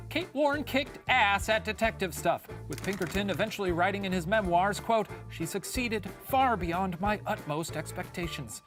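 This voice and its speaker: A man hosting a comedic history quiz show, narrating in a theatrical, playful, quick manner. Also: high-pitched. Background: music.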